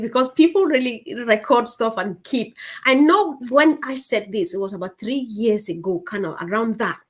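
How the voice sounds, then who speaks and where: A woman's voice: a little high, moderate pace, few pauses. A woman from West Africa speaking with enthusiasm and emphasis as co-host of an online panel discussion.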